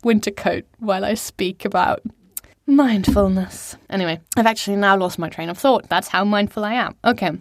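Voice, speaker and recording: A woman's voice: mid-range voice, moderate pace, a little hiss or hum. A young woman hosting a solo podcast from a small cupboard at home, talking casually and teasing herself. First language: German. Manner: casual, self-mocking, laughs at herself. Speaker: podcast host. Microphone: studio microphone.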